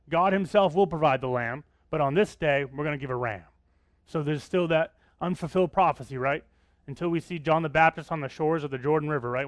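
A man's voice: a little high, dry recording, studio quality. A man preaching a sermon as pastor, talking conversationally and often asking the congregation questions.

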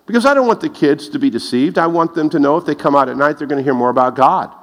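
A man preaching a lively sermon, telling stories and laughing at his own jokes. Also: fast talker. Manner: animated, laughs at his own jokes, rises in pitch when excited. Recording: long reverb of a large hall.

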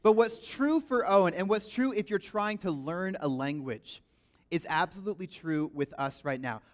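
Animated man preaching with stories. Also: high-pitched, moderate pace. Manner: animated, emphatic storyteller. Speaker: pastor. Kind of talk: sermon with storytelling.

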